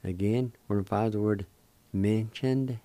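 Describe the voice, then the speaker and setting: A man leads a radio language lesson in an unhurried, low, mellow voice. He spells each word letter by letter and repeats every syllable with patient care. The sound is close and dry. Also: steady tone, no room sound. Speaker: Cherokee language teacher and radio host.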